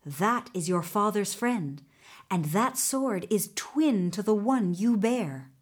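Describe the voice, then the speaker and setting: A woman voicing a wise magical male talking horse in a storybook reading, speaking calmly and reassuringly. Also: medium pitch, takes it slowly, slightly rough. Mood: calm guiding.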